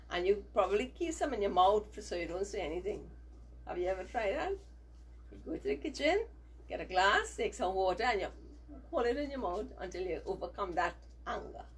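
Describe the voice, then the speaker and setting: A woman teacher giving a slow, emphatic values lesson to children, often checking in with them and having them repeat phrases after her. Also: mid-range voice, slightly rough. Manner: frequent checking "right?".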